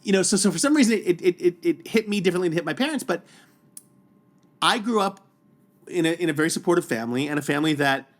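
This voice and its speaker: Male podcast guest, animated storyteller, a touch high, full of restarts. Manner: animated, quick, with repeated restarts. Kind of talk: casual storytelling.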